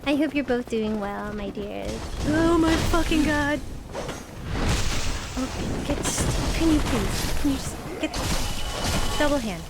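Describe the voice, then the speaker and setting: A woman's voice: a little high, normal speed, loud music behind the voice. A woman streaming a game live, chatting to her viewers, yelping and swearing at the game as it goes wrong. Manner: excitable, yelps and swears at the game, chats to viewers. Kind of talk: casual live gameplay commentary.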